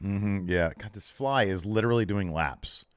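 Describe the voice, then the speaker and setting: A man co-hosting a casual wrestling podcast, jokey and animated. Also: fairly low pitch, normal speed, smooth, no room sound, studio quality. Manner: animated, jokey, retells scenes with voices. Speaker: podcast co-host.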